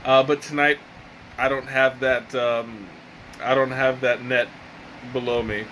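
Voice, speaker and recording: A man casually reviewing a tea on a live stream, halting with many fillers and restarts. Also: mid-range voice, steady tone, a bit bright, slight background noise, poor audio. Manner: hesitant, many fillers and restarts, chuckles often.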